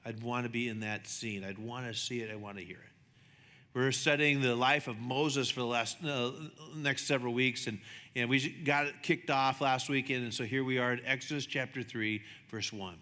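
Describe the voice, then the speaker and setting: A man preaching a sermon as a pastor, chatty and animated, acting out the voices in his stories. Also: moderate pace. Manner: conversational, animated, acts out dialogue with shifting pitch. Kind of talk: sermon with storytelling. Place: church sanctuary. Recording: long hall reverb.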